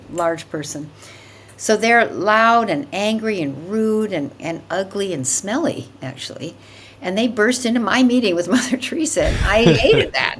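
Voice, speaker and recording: A woman's voice: mid-range voice, a little hiss or hum. An older woman, a podcast guest, telling a personal story in a vivid, emphatic way, often repeating words for effect.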